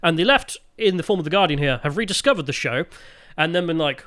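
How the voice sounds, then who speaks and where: A man's voice: on the high side, expressive, fast talker, a bit bright, no echo. A man with an English accent co-hosting a podcast, telling stories animatedly and slipping into silly put-on voices. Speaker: podcast co-host. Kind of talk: casual political chat.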